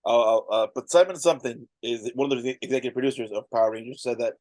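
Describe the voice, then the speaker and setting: A man in his thirties co-hosts a laid-back review chat, rambling through his thoughts with plenty of ums and restarts. His voice sits at an ordinary middle pitch. The sound is dry and close. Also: fast talker, darkish tone, no room sound. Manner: rambling, frequent fillers and restarts. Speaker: podcast co-host.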